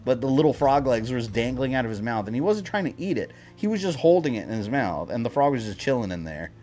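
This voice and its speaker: A man streaming a video game, telling a story in casual chat, animated and swearing freely with lots of fillers. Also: mid-range voice, fast, soft background music. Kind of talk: casual storytelling while gaming. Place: home, lives in Florida.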